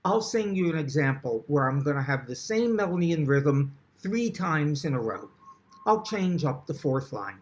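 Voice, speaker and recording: A man's voice: a little high, sing-song, normal speed. A man teaching songwriting in a presentation, explaining patiently and breaking into short sung examples and wry jokes. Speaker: songwriting instructor. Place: video presentation recorded for an online event.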